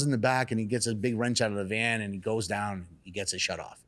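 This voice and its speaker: A man, a salon owner, telling a story in casual chat, animated and cursing freely. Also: fairly low pitch, fast. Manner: animated, acts out quotes in raised excited voices. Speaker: salon and barbershop owner, guest.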